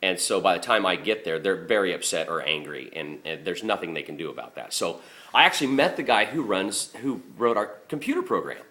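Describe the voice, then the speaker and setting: A man's voice: deep voice, animated, fairly quick, pushed and bright. Blunt, profane garbage man telling stories. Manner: blunt and profane, rambling with restarts. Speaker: garbage truck driver. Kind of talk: casual storytelling monologue.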